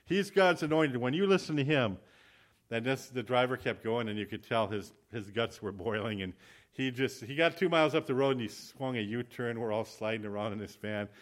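Animated male preacher. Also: lowish voice, fairly quick. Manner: animated, acts out quoted voices; ends in spoken prayer. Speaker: visiting preacher. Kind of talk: sermon with storytelling.

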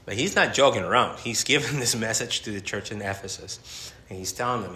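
Animated preaching man, bright echoey voice. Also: fairly low pitch, fairly quick, a little hiss or hum. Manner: animated, conversational preaching with laughs. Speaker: pastor. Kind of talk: sermon.

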